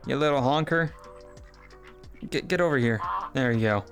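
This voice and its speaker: A man chatting casually on a live stream while he plays a game, playful and excitable, with frequent giggles and sudden leaps up in pitch. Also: unhurried, pauses often, soft background music.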